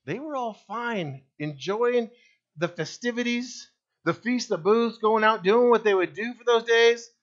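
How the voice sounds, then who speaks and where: A man's voice: very high voice, measured pace, lo-fi sound. A male pastor preaching a sermon, emphatic and full of rhetorical questions put to the congregation.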